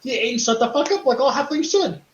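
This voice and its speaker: A man's voice: high voice, big pitch swings, normal speed, reverberant, recorded from a distance, dull audio. A man voicing a testy, foul-mouthed male goblin ship captain who speaks curtly and indignantly. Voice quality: curt, profane and indignant.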